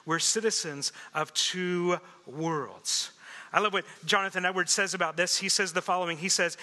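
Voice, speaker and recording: Pastor guy preaching, high bright voice, lots of questions to the crowd, big echoey hall. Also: moderate pace. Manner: animated, asks the congregation questions and laughs often. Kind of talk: sermon.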